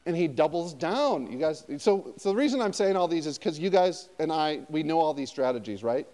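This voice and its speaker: A man pastor preaching a conversational sermon, often turning to his listeners with quick questions. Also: fairly high pitch, in a large hall. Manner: conversational, animated, asks the audience often.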